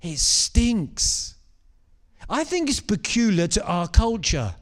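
A man preaching a sermon, animated and repeating phrases for emphasis. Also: high-pitched, slow.

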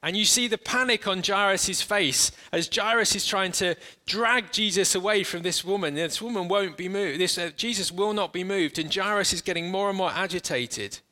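A high-voiced man delivers a sermon that includes a guided imagination exercise for his listeners. Earnest and stop-start, he restarts often, and his pace slows and his tone softens over the imagery.

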